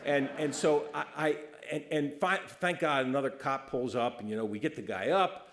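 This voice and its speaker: A man's voice: mid-range voice, normal speed. A man, a police officer, telling a funny story at a roast. He often stammers and restarts, and he acts out the people he quotes.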